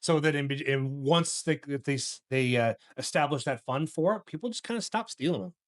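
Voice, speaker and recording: A man's voice: a little high, lively intonation, no echo, studio quality. A man co-hosting a podcast, talking casually and often restarting his sentences. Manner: halting, restarts sentences, swears in reaction. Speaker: podcast co-host. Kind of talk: casual chat.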